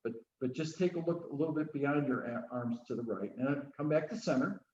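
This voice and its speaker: A man's voice: mid-range voice, fairly quick, darkish tone, lo-fi sound, a little hiss or hum. A man, a minister, teaching a class in a conversational way and guiding the group with questions and instructions.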